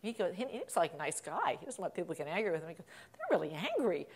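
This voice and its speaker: A middle-aged woman giving a conference keynote, telling lively anecdotes with laughter and acted quotes. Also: fairly low pitch, rapid-fire. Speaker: keynote speaker. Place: conference hall stage.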